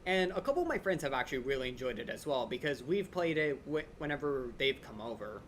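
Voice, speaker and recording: A young man hosting a live Q&A stream, rambling quickly and eagerly with lots of fillers, his voice a little drained. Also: medium pitch, slight background noise. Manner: fast, excited fan rambling with many "like" fillers. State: voice a bit drained. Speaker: channel host answering viewer questions.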